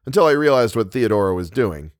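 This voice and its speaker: A man's voice: fairly low pitch, very animated, fairly quick, dry recording, clean studio sound. A man voicing an easygoing young man who talks in a wry, offhand way.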